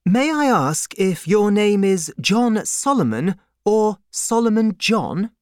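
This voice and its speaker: A woman's voice: mid-range voice, sing-song, takes it slowly, a little mellow, no room sound, studio quality, pitched above the performer's own voice. A woman voicing a blunt English manservant in a storybook reading, asking pointed questions. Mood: probing.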